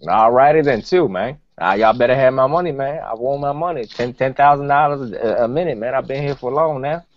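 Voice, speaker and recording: A man's voice: mid-range voice, fairly quick, voice pushed up, close to an everyday voice. A man putting on a brash, boastful Southern rapper who ends almost every line with "man." He keeps it slangy and drawling. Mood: demanding. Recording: dull lo-fi podcast audio.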